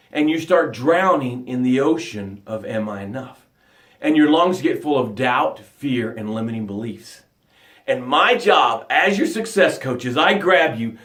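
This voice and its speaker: Male motivational coach, high voice, passionate rhythmic delivery, roomy echo. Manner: impassioned, rhythmic, repeats key phrases; drops to a soft hushed voice when guiding breaths. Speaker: success coach. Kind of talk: motivational livestream talk. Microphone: webcam broadcast mic.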